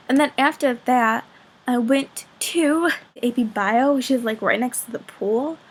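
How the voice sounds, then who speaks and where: Chatty husky-voiced teen girl. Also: high voice, slow, pauses often. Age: teens. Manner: chatty, rambling, lots of "like". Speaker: vlogger. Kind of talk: casual chat to camera.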